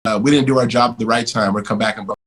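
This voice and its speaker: A man in his forties, a guest in a casual interview, telling stories in a blunt, animated way and swearing freely. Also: on the low side, rapid-fire, slightly rough, poor audio.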